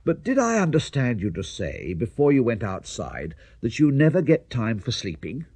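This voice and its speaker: Well-mannered, level-headed boy, as a male storyteller voices him; husky tone, dry close sound. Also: mid-range voice, moderate pace, dry recording, exaggerated voice. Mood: polite. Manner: polite and steady. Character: polite, sensible young boy.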